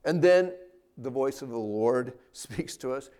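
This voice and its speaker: A man preaching a sermon as a pastor, talking with animated, rising and falling emphasis. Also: mid-range voice, a little slow, clear, resonant tone.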